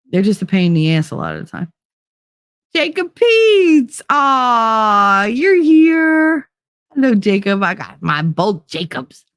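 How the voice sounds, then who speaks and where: A woman's voice: lowish voice, dry recording, studio quality. A woman hosting a casual livestream, chatting loosely, greeting viewers by name and swearing freely. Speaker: livestream host.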